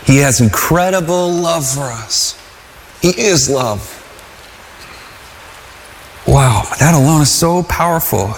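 A man's voice: fairly high pitch, animated, slight background noise. Earnest man preaching in a reverberant hall. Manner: earnest, conversational, with shouted cries and halting restarts. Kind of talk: sermon.

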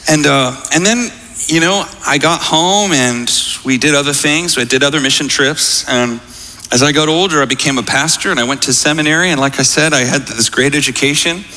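A male pastor delivers a sermon in an animated storytelling manner, acting out the quotes he tells. His voice is a bit high and sharply bright. It rings out with long reverb through a large hall.

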